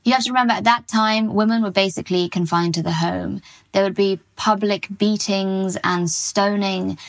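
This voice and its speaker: A woman correspondent answering interview questions on a news podcast, measured and analytical, with some fillers. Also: mid-range voice.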